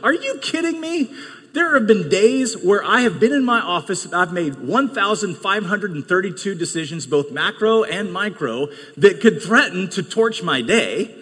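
A male pastor preaching an energetic sermon to his congregation, swinging between loud bursts and quieter teaching. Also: high-pitched, a little slow, breathy edge. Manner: animated preaching with bursts of shouting. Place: church sanctuary. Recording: long reverb of a large hall.

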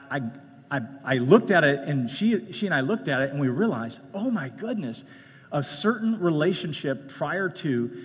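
A man preaching a sermon in a conversational way, jumping from loud, emphatic lines to hushed ones and slipping in joking asides. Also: on the high side, slightly rough. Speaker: pastor. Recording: long reverb of a large hall.

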